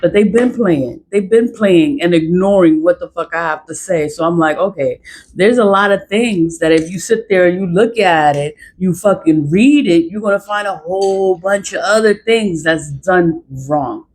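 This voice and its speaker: A woman's voice: fairly low pitch, normal speed, darkish tone, rough recording. A woman ranting in a vlog, profane, exasperated and repetitive. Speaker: vlogger.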